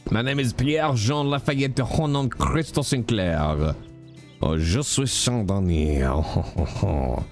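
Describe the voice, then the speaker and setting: A man voicing a pompous French gentleman, drawling grandly in a put-on French accent. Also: mid-range voice, expressive, measured pace. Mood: haughty. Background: music.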